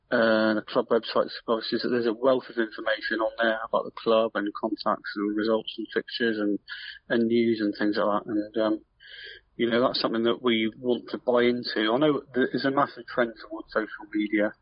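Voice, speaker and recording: A man's voice: mid-range voice, dry recording. A man, a club's media manager, answering interview questions earnestly with many ums. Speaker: club media manager, guest. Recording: dry dull lo-fi sound.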